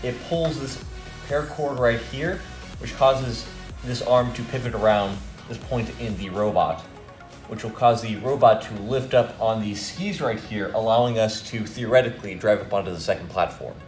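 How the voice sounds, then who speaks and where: A man's voice: on the low side, normal speed. A man explaining his team's robot in a casual, dry, offhand way. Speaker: robotics team member. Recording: echoey room with faint music.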